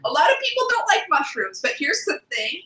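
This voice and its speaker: A young college woman co-hosts a casual chat, joking at her own expense. Her tone is bright and crisp-edged. Echo from the room hangs around her words. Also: high-pitched, big pitch swings, fairly quick. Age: young adult. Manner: goofy, self-deprecating. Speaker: co-host. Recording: echoey room.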